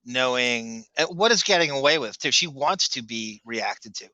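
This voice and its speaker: A man's voice: medium pitch, expressive, moderate pace, pushed and bright, no room sound, highs cut off. A man co-hosting a podcast, reacting to played audio with sarcastic, joking commentary. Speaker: podcast co-host.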